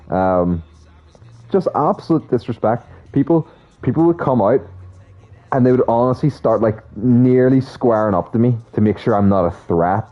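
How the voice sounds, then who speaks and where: A man's voice: mid-range voice, moderate pace. A young man chatting casually to his stream audience, swearing a lot as he tells rambling stories. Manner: profane, rambling, animated storytelling. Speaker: streamer talking to chat. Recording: slightly dull sound with faint music. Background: faint music.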